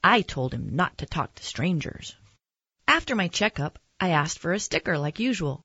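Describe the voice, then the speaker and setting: Woman, storybook reading, gentle, expressive, low pitch, dry close sound. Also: moderate pace, breathy edge, dry recording, dull audio. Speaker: narrator. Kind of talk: reading a children's picture book aloud.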